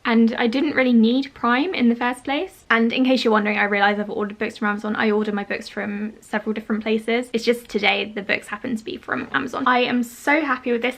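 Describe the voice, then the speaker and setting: A young woman from the UK chatting excitedly in a casual vlog, gushing and emotional as she talks about books. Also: a little high. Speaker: book vlogger.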